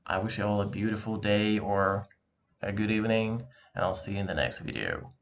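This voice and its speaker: A man teaching a language lesson, patient and encouraging, repeating words slowly to show how they sound. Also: lowish voice, creaky, a little hiss or hum. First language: Russian. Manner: slow, drawn-out demonstration pronunciations. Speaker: Russian teacher.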